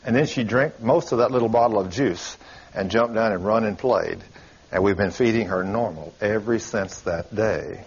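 An older man, preaching a sermon in a folksy, emphatic storytelling way, his voice a little husky. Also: on the low side, moderate pace, highs cut off.

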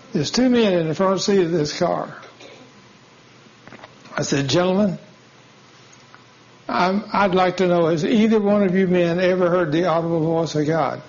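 A man's voice: high voice, a little mellow. A man preaching a sermon, telling a folksy story and acting out the dialogue. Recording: dull lo-fi sound.

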